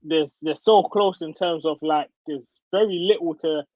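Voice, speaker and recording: A man appearing as a podcast guest, chatting casually and in a relaxed way about basketball. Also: on the high side, moderate pace, no room sound. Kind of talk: casual sports chat. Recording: dull, dry sound.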